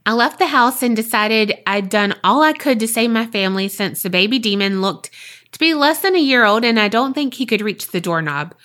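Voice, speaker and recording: A woman co-hosting a podcast, reading a listener's ghost story aloud and then chatting in a lively, swearing, laughing way. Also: on the high side, brisk. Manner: animated, swears freely, laughs often. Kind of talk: casual chat and reading aloud.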